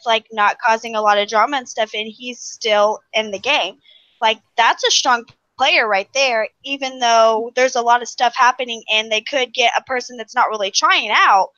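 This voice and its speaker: Bright-voiced woman on a muffled mic. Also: a little high, no room sound. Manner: quick, talkative, uses fillers like "like". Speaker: podcast co-host. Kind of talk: casual podcast discussion.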